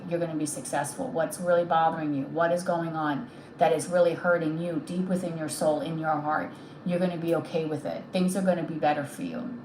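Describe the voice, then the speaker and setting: A woman's voice: lowish voice, echoey room, slight background noise, rough recording. A woman giving a live tarot reading, speaking in a soothing, reassuring way and often checking in with "okay?". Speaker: tarot reader.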